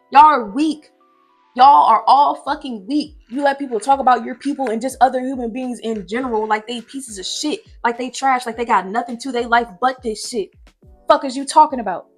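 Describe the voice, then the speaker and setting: A woman's voice: high-pitched, fairly bright tone. A young woman commentator ranting brashly and profanely from her own room at home, with faint music behind her. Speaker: online commentator. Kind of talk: heated reaction commentary.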